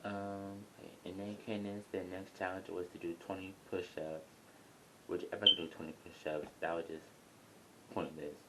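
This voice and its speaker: A man's voice: flat delivery, moderate pace. A young man casually reviewing a reality show, talking in a rambling, blunt, chatty way from his home near an airport. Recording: faint airplane rumble behind.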